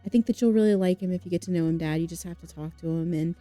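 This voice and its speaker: A woman's voice: lowish voice, very fast, dark tone, soft background music, pitched below the performer's own voice, close to an everyday voice. A woman playing a laid-back teen girl turning eighteen. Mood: pleading.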